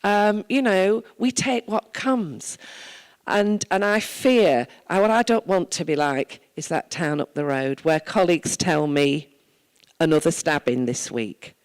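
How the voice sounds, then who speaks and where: A woman's voice: lowish voice, animated, a little slow, clean tone, rough recording. A woman from Wales, a town mayor, giving an earnest, conversational address at a church service and telling stories from her own life.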